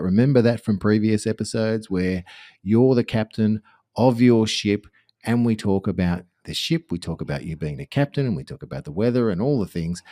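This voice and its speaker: A man's voice: lowish voice, warm tone. A man co-hosting a podcast, chatting enthusiastically and correcting himself as he goes. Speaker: podcast co-host. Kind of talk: casual podcast chat.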